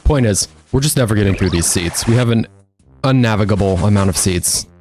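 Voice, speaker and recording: A man with a lowish, somewhat dark voice talks fairly quickly over soft background music. He's a streamer casually commenting on his own gameplay, wry and chatty, speaking both to himself and to his viewers and laughing often.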